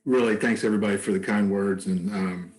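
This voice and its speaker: A man talking casually on a video call in a soft-spoken, halting way with many fillers. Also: lowish voice, fairly even intonation, poor audio. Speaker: songwriter and bereaved father. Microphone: computer mic on a video call.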